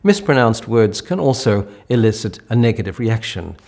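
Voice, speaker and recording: A man giving a measured academic talk as a professor, with occasional restarts. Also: on the low side, big pitch swings, gravelly, a little mellow. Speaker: professor of applied linguistics. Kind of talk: lecture talk.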